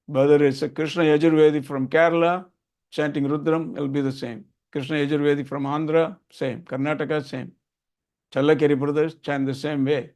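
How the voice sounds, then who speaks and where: Older man, gravelly teacher. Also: a little high, darkish tone. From Tamil Nadu, India. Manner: earnest, emphatic, repeats key points. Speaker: Vedic chanting teacher. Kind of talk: explaining a lesson to a group.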